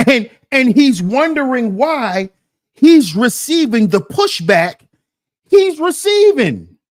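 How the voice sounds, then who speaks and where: A man's voice: extremely high pitch, lively intonation, takes it slowly. A man hosting a reaction stream, indignantly picking apart a debate clip and firing rhetorical questions at his chat. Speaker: commentary channel host.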